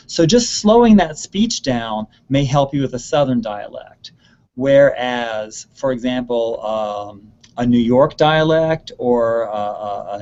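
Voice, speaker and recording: A man answering student questions about performing, in an earnest, steady voice with a middle pitch. He doubles words for emphasis ("really, really careful"). The web call audio is muffled and lo-fi. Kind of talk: advice in an online Q&A. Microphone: video call.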